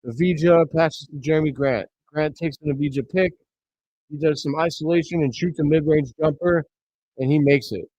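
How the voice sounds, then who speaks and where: Excitable man calling plays on stream. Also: fairly high pitch, normal speed, dry recording. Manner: bursts into excited shouts on big plays. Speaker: host of a live reaction stream. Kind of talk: play-by-play commentary. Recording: dry, slightly dull home mic.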